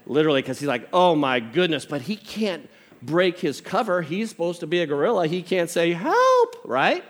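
A man preaching a sermon, telling a humorous story and reading scripture aloud in an animated, conversational way. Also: fairly high pitch, brisk. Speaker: pastor.

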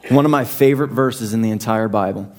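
A young adult man preaching a sermon to his congregation in a conversational, self-deprecating way with animated asides. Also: lowish voice, quick pace. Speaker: pastor.

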